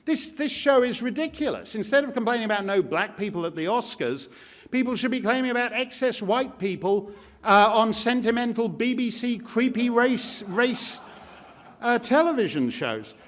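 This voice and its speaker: A man's voice: very high-pitched, animated, normal speed, fairly bright tone. A man giving a keynote speech in an auditorium, with a sardonic, jokey delivery. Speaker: keynote speaker. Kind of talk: public speech.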